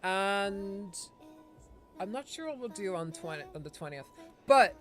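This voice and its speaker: A chatty man wraps up a game livestream in a loose, rambling way, swearing freely as he goes. His voice sits fairly high for a man. Soft game music plays quietly behind him. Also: lively intonation, measured pace. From Ireland. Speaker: game streamer. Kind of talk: casual livestream chat.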